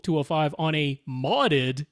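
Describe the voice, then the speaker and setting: A man's voice: a little high, lively intonation, takes it slowly. A man from Canada co-hosting a podcast, giving long technical explanations in casual chat, often laughing. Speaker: podcast co-host.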